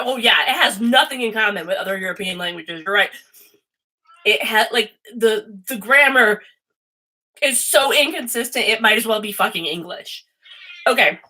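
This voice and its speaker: A woman chatting loosely on a livestream while reading tarot, her voice bright and sharp-edged. She rambles from story to story, swears freely and drifts off on tangents at a mid-range pitch. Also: low-quality recording. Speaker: host and tarot reader. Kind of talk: casual livestream chat.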